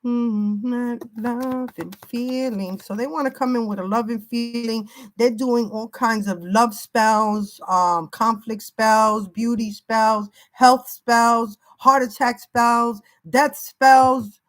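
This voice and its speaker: A woman's voice: on the high side, fairly even intonation, slow pace, a bit bright, low-quality recording. An older woman giving an unscripted spiritual reading, emphatic and warning, piling up repeated phrases. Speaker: spiritual reader.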